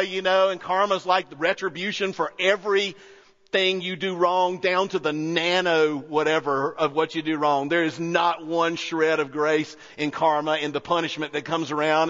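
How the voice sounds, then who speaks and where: A man delivers a sermon with earnest, storytelling warmth, his voice sitting a little high. The sound is dull and lo-fi, carried by a long reverb from a large hall. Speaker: pastor.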